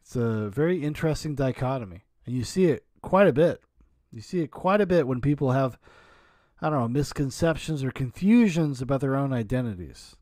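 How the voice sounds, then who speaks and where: A man's voice: medium pitch, lively intonation, brisk, mellow, dry recording, studio quality. A man hosting a reaction video, giving blunt, mocking commentary and swearing freely. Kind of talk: crude sarcastic commentary.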